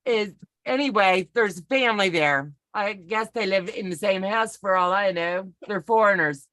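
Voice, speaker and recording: A woman's voice: medium pitch, moderate pace, a bit bright, no room sound. A woman telling a rambling personal story in casual chat over a video call from home, chatty and folksy with self-deprecating humor. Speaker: co-host of a sewing pattern walk-through.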